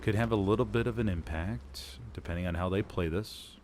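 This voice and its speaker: An esports caster covers a competitive war game live, chatting with his stream chat and poking fun at himself. His fairly low, darkish voice is brisk, with slight background noise and artillery, gunfire and other game sounds behind him.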